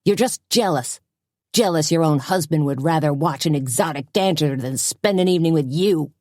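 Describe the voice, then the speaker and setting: Brief: female narrator voicing a surly male farmer, loud and defiant, lower and darker than most. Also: normal speed, no room sound, studio quality, lightly acted. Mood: snarling. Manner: defiant, huffy, country talk. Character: angry middle-aged male farmer, snarling.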